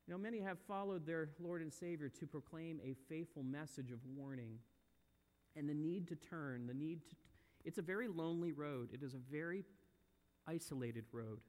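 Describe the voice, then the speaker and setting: A man preaching a sermon in a church, earnest and building to loud, emphatic peaks. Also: high voice. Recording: long hall reverb.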